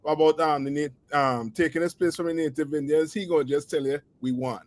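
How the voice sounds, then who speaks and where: Joking male panelist, high-ish voice. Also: steady tone, fast, no room sound. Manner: joking, repeats "you know what I mean". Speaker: show panelist. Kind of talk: casual group discussion.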